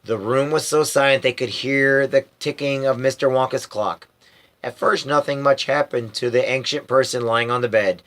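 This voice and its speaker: Bright-voiced man reading a story aloud. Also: mid-range voice, steady tone, normal speed. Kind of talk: storybook read-aloud narration.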